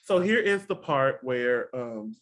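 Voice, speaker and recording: A man co-hosting a casual review chat, talking in a loose, expressive way with lots of fillers. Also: mid-range voice, takes it slowly. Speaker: co-host reviewing a TV competition show.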